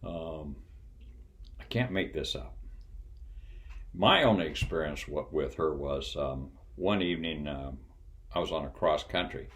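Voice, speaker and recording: An older man, a retired pilot and flight instructor, tells folksy stories in an unhurried way, pausing often and chuckling. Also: extremely low pitch. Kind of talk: casual storytelling.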